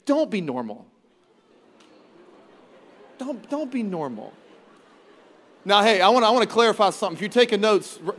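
A man in his thirties preaching a sermon to a church congregation, energetic and joking, now and then mimicking his children. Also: sits high. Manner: energetic, joking, acts out his kids' voices. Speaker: pastor. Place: large church auditorium. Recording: reverberant church hall.

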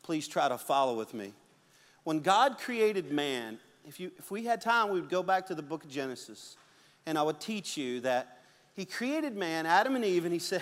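A middle-aged man preaching a sermon as a pastor, animated and acting out the quotes and stories he tells. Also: high voice, a little fast. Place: church sanctuary. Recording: long hall reverb.

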